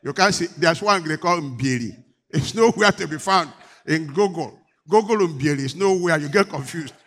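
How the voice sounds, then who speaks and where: A middle-aged man from Nigeria preaching a sermon as pastor, animated and joking, teasing his congregation. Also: fairly high pitch, moderate pace.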